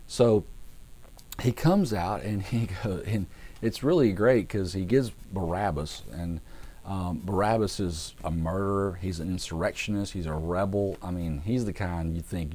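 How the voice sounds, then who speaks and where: Deep-voiced man telling a Bible story. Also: unhurried. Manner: conversational storytelling with acted-out voices; relaxed, with fillers and restarts. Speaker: pastor. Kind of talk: casual Bible teaching.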